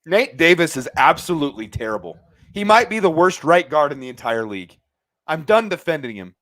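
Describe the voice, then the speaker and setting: A man's voice: fairly high pitch, big pitch swings, a little fast. Fired-up man ranting over a football game. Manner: agitated, ranting play-by-play, yelling when angry. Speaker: sports watch party host. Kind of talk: live game reaction commentary.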